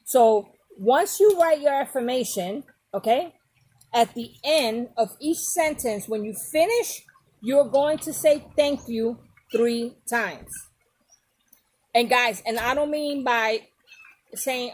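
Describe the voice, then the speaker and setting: A woman's voice: on the high side, lively intonation, slow pace, darkish tone, breathy edge. A woman talking to her viewers in a casual, emphatic advice vlog, often repeating her points and checking in with them. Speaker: vlogger giving advice. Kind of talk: casual advice talk to camera.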